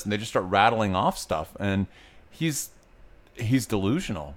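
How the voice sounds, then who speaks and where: A man's voice: medium pitch, animated, normal speed, fairly bright tone. A man co-hosting a casual movie-review podcast, blunt and outspoken, cursing freely as he gives his opinions. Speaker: podcast co-host.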